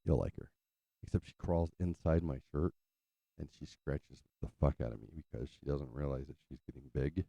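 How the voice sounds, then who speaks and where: A man talks in a very low, gravelly voice with a dark, heavy tone, rambling through a casual, profane story. His delivery is loose and full of fillers. The sound is dry and a little dull, like a lo-fi mic. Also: moderate pace, dry recording. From California. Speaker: podcast host.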